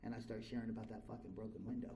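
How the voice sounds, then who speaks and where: A man's voice: on the low side, flat delivery, rapid-fire, very noisy. A middle-aged man from California speaking at a recovery meeting, telling his story to a live crowd in a blunt, frank and profane way. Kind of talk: candid storytelling to a live audience. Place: convention meeting room.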